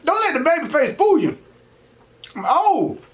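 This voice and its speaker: Eating on camera, this mukbang host spins casual stories in relaxed street slang, getting emphatic and animated as he plays the people he quotes. His voice is extremely high but unhurried.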